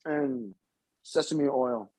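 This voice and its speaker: A man's voice: mid-range voice, drawn-out words, a crowd in the background, low-quality recording. A man chatting casually as a podcast guest, hesitant and often restarting his sentences. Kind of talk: casual chat.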